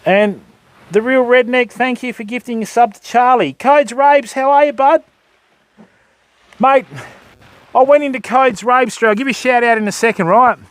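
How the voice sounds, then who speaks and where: A man's voice: very high-pitched, fairly even intonation, normal speed, pauses often. An older Australian man fishing from a beach on a livestream, chatting to viewers and thanking them while he casts. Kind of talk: live fishing stream chat. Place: outdoors on a beach by the surf. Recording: faint surf noise outdoors. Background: waves and surf.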